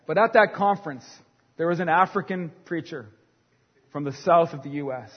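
A man in his forties preaching a sermon as pastor, with a dynamic delivery that swings from hushed to loud. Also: fairly high pitch, moderate pace. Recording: long hall reverb, dull sound.

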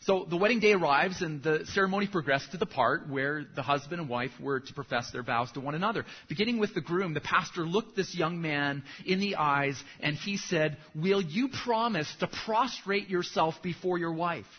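A man's voice: a little high, brisk, hardly any pauses, husky, muffled recording. A man who is a pastor, preaching a sermon and telling a story with acted punchlines.

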